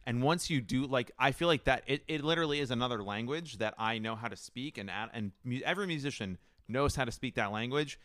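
A man's voice: mid-range voice, brisk, few pauses, a bit bright. A man in casual chat, speaking earnestly and stumbling over his words.

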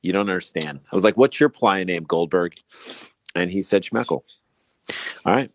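A man co-hosting a comedy podcast, telling funny stories in casual banter. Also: sits low. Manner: joking, quick storytelling with asides. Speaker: podcast co-host.

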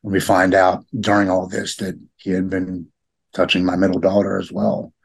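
A middle-aged man talking earnestly in a podcast conversation, halting and repeating his words. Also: sits low, completely flat delivery, vocal fry, breathy edge.

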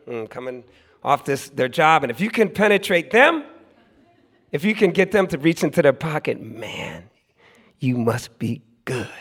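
This storyteller is a man in his forties from Oakland, California, his voice a little high, performing live at a club. His monologue is animated and loose, full of laughter and restarts, with other people's lines acted out in their voices.

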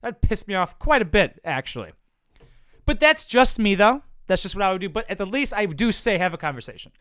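A man's voice: high-pitched, sing-song, fairly quick, fairly bright tone, no echo. A man giving casual advice to viewers in a blunt, profane, rambling way. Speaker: content creator answering viewer questions.

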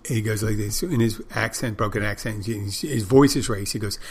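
A man's voice: fairly low pitch, normal speed, hardly any pauses, breathy edge. A man rambles through a casual podcast monologue. He is blunt, swears freely, and often restarts and repeats his phrases as he works out what he means. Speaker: podcast host.

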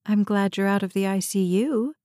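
A woman's voice: medium pitch, normal speed, warm tone, no echo, clean studio sound, natural voice. A woman reading the part of an anxious, trusting young woman, speaking hesitantly. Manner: hesitant, trembling.

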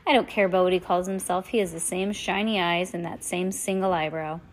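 A woman's voice: on the low side, steady tone, a little fast, natural voice, rough recording. A woman reading aloud as a brave, impatient teenage girl who speaks insistently.

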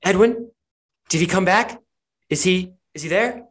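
A game master voicing an unseen scheming gang boss who calls through a wall, muffled, patronizing and menacing with sweet endearments. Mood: anxious. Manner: patronizing endearments, low and slow.

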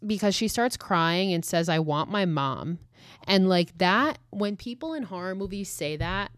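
A young woman talks through a horror film in a blunt, profane, casual way. Her voice sits low in pitch, and the recording is dry and close, with no room sound. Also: dry recording. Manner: blunt, profane, emotionally reactive. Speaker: commentator recapping a true-crime horror film. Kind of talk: casual recap monologue.

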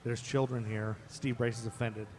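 A man from Ohio co-hosts a podcast in front of a live stage audience, telling history stories chattily and playfully. His medium-pitched, darkish voice barely moves in pitch and keeps a normal speed; slight background noise and a long stage reverb are audible.

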